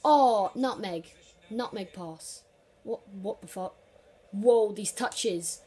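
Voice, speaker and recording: A woman casually commentating her own football video game. She swears freely, mutters under her breath, and erupts into shouts at big plays. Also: medium pitch, slow, slightly rough. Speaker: gaming commentator.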